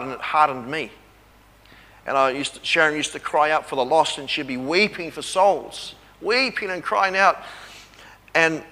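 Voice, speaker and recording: A man's voice: a little high, pushed and bright. A man preaching a sermon with testimony, earnest, repeating phrases and calling for amens. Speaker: pastor. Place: church hall. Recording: echoey hall reverb.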